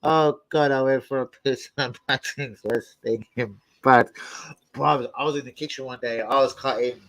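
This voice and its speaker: Loud, sweary young man telling stories. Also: mid-range voice, moderate pace, rough recording. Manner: swears a lot, loud animated storytelling with yelps and laughs. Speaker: host of a football fan channel. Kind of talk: casual chat.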